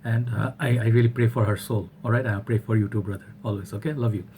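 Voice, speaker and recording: Man, casual review vlog, rambling and chatty, flat even delivery, faint background noise. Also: on the low side, fast talker. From Bangladesh. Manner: chatty and rambling, often checks in with "all right?". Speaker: fragrance reviewer.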